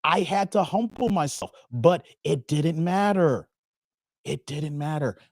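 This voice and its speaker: A man's voice: a little high, lively intonation, measured pace, dry recording, clean studio sound. A man hosting a dating commentary channel, telling a personal story in a frank, confiding way and speaking straight to viewers. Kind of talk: casual monologue storytelling.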